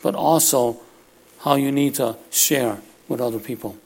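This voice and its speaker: A man's voice: mid-range voice, unhurried, gravelly, a little mellow. A man preaching a conversational sermon in church, often checking in with "all right?" as he talks.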